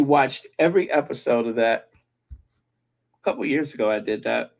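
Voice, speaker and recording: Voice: medium pitch, normal speed, a little mellow. A channel host chatting casually, opinionated and breaking into snatches of old TV theme songs. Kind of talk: casual chat.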